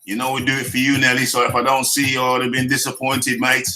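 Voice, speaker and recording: A man's voice: medium pitch, monotone, fast talker, sharp tone. A British man hosting a live boxing talk stream, joking and teasing his viewers in a loose, repetitive chat. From United Kingdom. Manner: jokey, teasing, chatty with viewers; laughs often, repeats phrases. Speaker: boxing talk show host.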